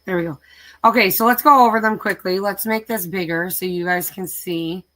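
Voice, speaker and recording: A woman's voice: mid-range voice, bright, forceful tone. A middle-aged woman hosting a casual craft live stream, chatting and listing her projects aloud in a tired, easygoing way. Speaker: craft channel host.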